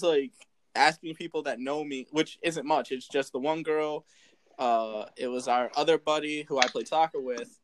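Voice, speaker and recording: A man in casual chat, telling a story in a lively way and acting out the voices of the people in it. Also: medium pitch. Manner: lively, acts out quoted voices. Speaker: storyteller recounting a school memory.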